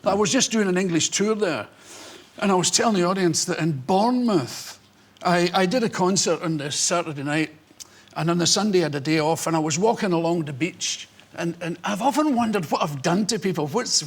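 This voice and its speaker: A Scottish man in his sixties, a comedian telling animated anecdotes in an interview and acting out the voices in them. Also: high voice, fairly quick, husky. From Scotland. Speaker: comedian guest.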